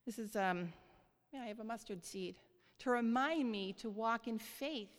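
A woman preaching a sermon in church, earnest and light, often laughing softly and checking in with the congregation. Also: a little high, moderate pace. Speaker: church speaker. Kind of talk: sermon on giving. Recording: long hall reverb.

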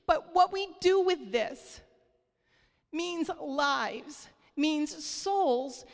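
A woman preaching a sermon in church, earnest and light, often laughing softly and checking in with the congregation. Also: high-pitched. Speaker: church speaker. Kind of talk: sermon on giving. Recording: long hall reverb.

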